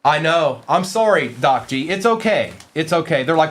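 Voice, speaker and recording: A man's voice: fairly high pitch, very animated, normal speed, fairly bright tone. A man hosting a live card-break stream, calling out cards while chatting and joking with his viewers. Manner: joking, playful asides to chat.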